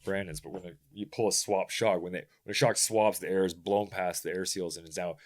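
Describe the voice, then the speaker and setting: A man from rural Ontario, a podcast guest telling animated, rambling stories in casual chat. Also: low voice, a little fast. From rural Ontario, Canada. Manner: animated storyteller, rambling with restarts. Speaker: podcast guest, bike mechanic.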